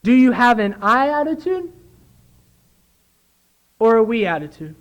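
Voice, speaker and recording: A man's voice: very high-pitched, sing-song, a little slow, rough recording. A young man giving an earnest sermon-style lesson in a church, acting out quoted dialogue as he speaks. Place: church sanctuary.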